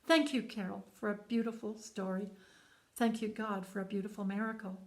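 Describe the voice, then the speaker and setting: A woman's voice: medium pitch, flat delivery, moderate pace. A woman telling a true story in an earnest, plain way, often repeating words as she goes. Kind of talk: spoken storytelling monologue.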